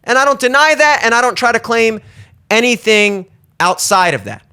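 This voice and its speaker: A man from the Baltimore area hosting a show, delivering an animated, profane, rambling comedic rant. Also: extremely high pitch, normal speed, clear, resonant tone. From Baltimore area, USA. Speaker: show host.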